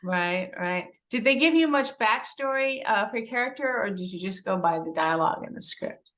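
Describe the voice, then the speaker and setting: A woman conducts an interview at an easy, friendly pace. She laughs often between her questions and speaks in an even, middle-range voice. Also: medium pitch. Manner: friendly, giggly, unhurried.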